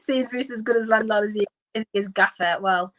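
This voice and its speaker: A woman co-hosting a podcast, giving animated, opinionated football banter in casual chat. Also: mid-range voice, rough recording. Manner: animated, opinionated, quick asides. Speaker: podcast co-host.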